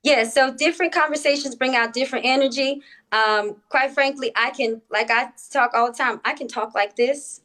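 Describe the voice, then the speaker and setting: A woman with a slightly high voice lays out her points into a phone during a livestream debate. She speaks in a measured, deliberate way, pausing on filler words. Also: a bit bright. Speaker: TikTok live guest. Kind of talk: casual live-stream debate.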